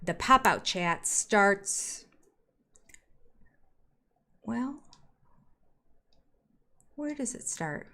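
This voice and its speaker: A woman's voice: high voice, a bit bright. A woman in her sixties hosting a casual live stream, reading out viewer comments with little laughs and chatty asides. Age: 60s. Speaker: YouTube host reading live chat.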